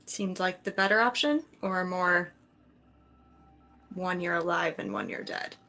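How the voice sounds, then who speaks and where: Tabletop player: woman, lowish gravelly voice, measured and gentle, hesitant restarts. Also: very animated, slight background noise. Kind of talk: tabletop role-play in character.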